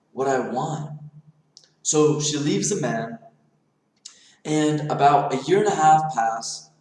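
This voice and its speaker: A man telling a motivational story and acting out the dialogue as he goes. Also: a little high. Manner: animated, acts out dialogue in the telling. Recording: very echoey room.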